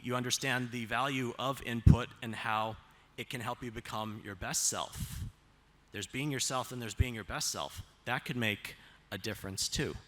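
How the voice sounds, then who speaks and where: A man speaking as a self-advocate gives a motivational slide presentation in a measured way, posing rhetorical questions to the audience and slowing down on key phrases. His voice is mid-range and a bit bright.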